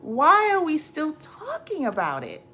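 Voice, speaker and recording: Hosting a livestream, a woman chats casually with viewers and gives advice, exasperated and preachy, repeating herself. Her high voice swoops wildly in pitch and is bright and forceful, a little slow, with a little hiss or hum.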